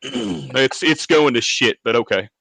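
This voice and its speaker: A man's voice: mid-range voice, sing-song, a little slow, gravelly, pushed and bright, no room sound. A man co-hosting a live stream, blunt and profane, scolding a rival. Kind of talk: casual live stream chat.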